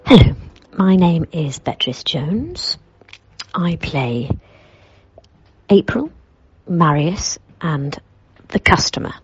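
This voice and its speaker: A woman actor introducing her roles and costumes, unhurried and hesitant, with a very breathy voice. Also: low voice, very animated, dry recording, muffled recording. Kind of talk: audio introduction to a play.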